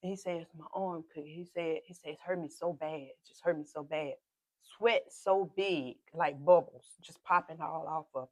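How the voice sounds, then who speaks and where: A woman pastor with a South Carolina accent gives a personal testimony as a podcast guest. She tells the story emotionally, acts out the dialogue, and often drops to a hushed whisper. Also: low voice, normal speed, dry recording. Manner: repeats and re-enacts dialogue with quoted speech.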